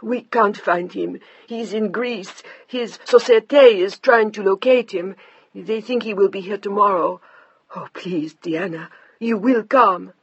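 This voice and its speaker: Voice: mid-range voice, a little slow, fairly bright tone, slightly rough, dry recording, highs cut off, pitched above the performer's own voice. A narrator voicing an older French woman, a stern, grieving mother-in-law with a French accent and clipped, formal English. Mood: sobbing.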